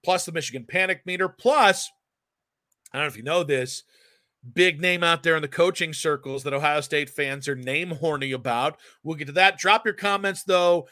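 A man's voice: a little high, moderate pace, pushed and bright, no room sound, clean studio sound. A man co-hosting a sports talk show, ranting with fiery sarcasm. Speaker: sports radio co-host.

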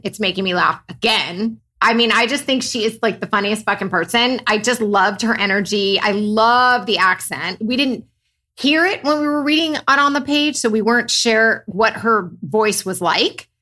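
A woman's voice: mid-range voice, moderate pace, pushed and bright. A woman co-hosting a podcast in casual chat, blunt and sweary, often laughing. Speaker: podcast co-host.

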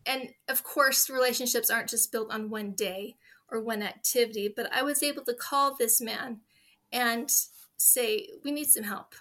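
A woman's voice: a little high, fairly even intonation, unhurried, pushed and bright. A woman in her forties, a guest in an interview, telling earnest, heartfelt stories about her family. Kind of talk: interview conversation.

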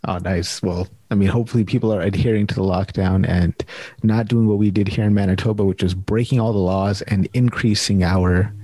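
A relaxed, chatty man hosting an online meetup from his video call. His voice sits low with a dark, slightly husky grain. The sound is dry and close. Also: fairly quick, dry recording. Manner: laid-back, chatty, says "man" often. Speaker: host. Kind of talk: casual chat.

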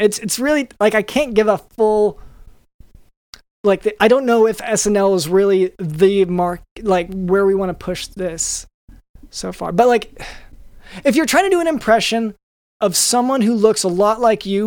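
A man's voice: sits high, moderate pace, darkish tone, clear, resonant tone, dry recording, clean studio sound. A man on a podcast riffing through a sponsor read in a rambling, jokey way, with many restarts. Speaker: podcast co-host reading an ad. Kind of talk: improvised comedic ad read.

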